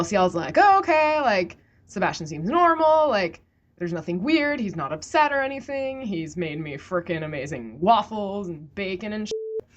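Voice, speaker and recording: A woman's voice: lowish voice, fairly bright tone, lo-fi sound. A woman co-hosting a casual review podcast, playful and slangy, often breaking into giggles. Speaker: podcast co-host reviewing a story. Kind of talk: casual chat.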